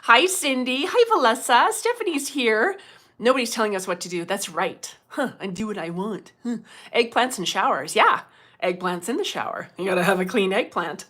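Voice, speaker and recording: A middle-aged woman, hosting a casual livestream as a medium, chatty and quick to laugh, greeting viewers by name. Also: medium pitch, expressive, a bit bright.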